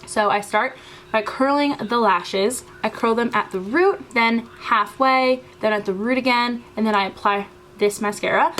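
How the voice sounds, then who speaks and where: Young woman, makeup tutorial voice-over, chatty, slightly high voice, faint background hiss. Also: fairly bright tone. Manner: chatty, step-by-step, with frequent "like". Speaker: beauty vlogger.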